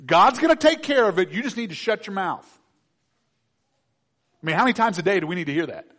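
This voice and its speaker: A male preacher with a fairly high voice delivers a sermon with animation. He slips into the complaining voices of the people in the story and then steps back out to make his point. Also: animated, a little fast, a bit bright.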